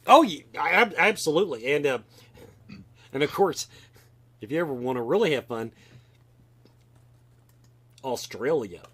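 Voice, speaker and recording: A husky, fairly high-pitched male voice from Kentucky, speaking a little slowly with long pauses. He hosts a casual podcast chat in a Southern accent, animated and rambling, restarting his thoughts again and again.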